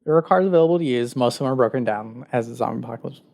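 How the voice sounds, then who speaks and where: A man co-hosting a podcast speaks at medium pitch in a racing, gravelly voice that's a little mellow. He retells a story loosely and ramblingly, full of filler words.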